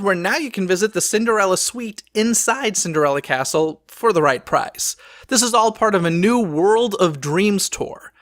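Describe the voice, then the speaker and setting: A man reads a scripted news roundup for his podcast, upbeat and quick with a wry, sarcastic streak. His voice sits high and sounds bright and forward. It is recorded close on a mic in a dry space with no echo.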